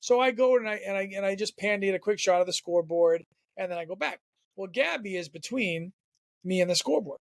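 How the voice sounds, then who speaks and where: A man from Southern Maine, a former TV sports reporter, telling stories as a podcast guest in an animated, chatty way. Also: high voice, vocal fry, dry recording. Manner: animated storyteller, quick and chatty. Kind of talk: casual podcast storytelling.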